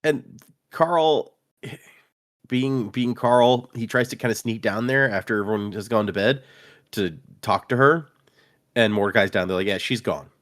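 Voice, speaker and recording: A man's voice: medium pitch, measured pace. A man co-hosting a podcast, casually recapping book chapters and acting out characters' lines as he goes. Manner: animated retelling, acts out quotes, frequent laughs. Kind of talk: casual chat.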